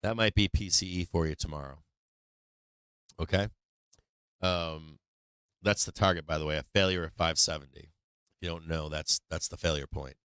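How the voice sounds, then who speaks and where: A man's voice: rumbling low, steady tone, moderate pace, pauses often, fairly bright tone, clear, resonant tone, dry recording. A man hosting a stock market livestream in a casual, rambling way, full of fillers and restarts. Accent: none, dropped his Boston accent. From Boston.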